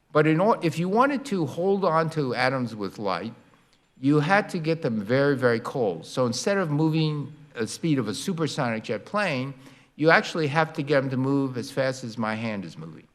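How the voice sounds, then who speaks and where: An older man lecturing on science in a hall, with a middle-pitched voice. He is lively and playful, acting out little sound effects and demonstrations as he explains. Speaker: guest lecturer.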